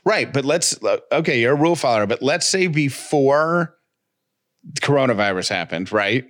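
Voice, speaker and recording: A man co-hosting a podcast, reading ads and chatting casually in an animated, playfully argumentative way. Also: medium pitch, moderate pace. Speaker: podcast co-host. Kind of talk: casual podcast chat and host-read ads.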